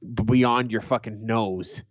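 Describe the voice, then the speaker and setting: A man's voice: lowish voice, steady tone, slow, no echo, dull audio. A man co-hosting a podcast in casual chat, blunt and sweary, ranting with a laugh. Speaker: podcast co-host.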